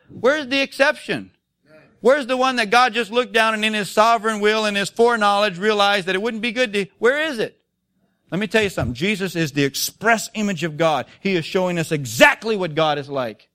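A male pastor preaching a sermon in church, emphatic and full of rhetorical questions, swinging between loud and soft. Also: sits high, expressive, normal speed, no echo, studio quality.

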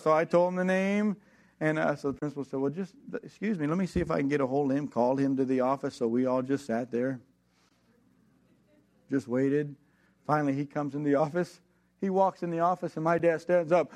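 Fairly quick and a little high, the man's voice carries a personal story that he, a preacher, acts out with different voices for the people in it. He laughs along throughout, clearly enjoying the telling.

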